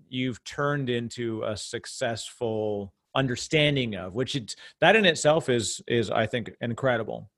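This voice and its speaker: Man, podcast host, casual chat, rambling, restarts, mid-pitched voice. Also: a bit bright. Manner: rambling, many restarts, laughs while talking. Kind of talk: casual conversational interview.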